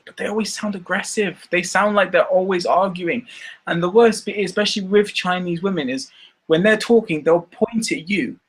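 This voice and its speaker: Giggly, high-voiced Scottish man. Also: normal speed, breathy edge. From Scotland. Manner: rambling, giggly, laughs often. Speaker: live streamer. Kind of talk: casual chat.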